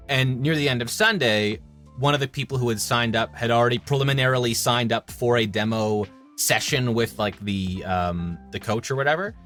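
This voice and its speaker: A man in his thirties from Canada, a voice actor chatting casually in an interview and telling lively anecdotes. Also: medium pitch. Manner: chatty, animated anecdotes with acted-out quotes. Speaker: voice actor guest.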